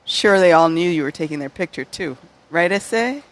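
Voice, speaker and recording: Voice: mid-range voice, animated, normal speed, natural voice, poor audio. A player doing a brash female undercover cop, tabletop game, teasing, spanglish. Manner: teasing, mixes in Spanish words.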